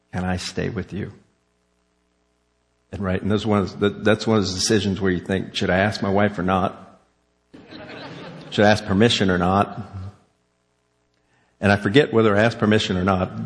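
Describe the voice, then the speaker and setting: A man's voice: lowish voice, gravelly. A middle-aged male pastor telling a personal story in an earnest sermon, then closing in prayer. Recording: long hall reverb.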